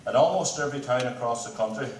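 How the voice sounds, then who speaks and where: A man in his eighties with a Northern Irish accent, a bandmaster giving a measured, formal speech on his band's history. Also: medium pitch, slight background noise. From Northern Ireland. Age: 80s. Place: concert hall. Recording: echoey hall from far off.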